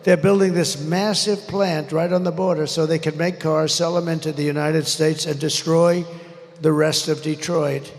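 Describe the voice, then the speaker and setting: An older man giving a rambling, boastful rally speech that flares into angry shouting. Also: a little high, steady tone, normal speed. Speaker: politician speaking at a rally. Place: large arena rally. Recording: echoey arena sound, faint crowd ambience.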